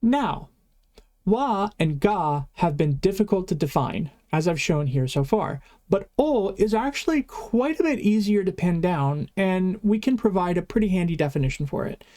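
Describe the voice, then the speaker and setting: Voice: mid-range voice, lively intonation, normal speed, mellow. A language teacher giving an online grammar lesson in a casual, chatty way, sometimes stumbling and correcting themselves.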